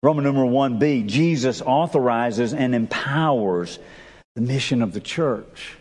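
Emphatic preacher in a reverberant sanctuary. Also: male voice, a little slow, darkish tone, husky. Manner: emphatic preaching with big swings in pitch and pace. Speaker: pastor. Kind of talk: sermon. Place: church sanctuary. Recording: long reverb of a church sanctuary.

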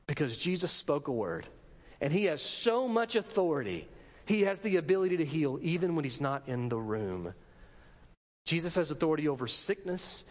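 A man's voice: high-pitched, long reverb tail. A man preaching a sermon as pastor, asking rhetorical questions and acting out short quotes.

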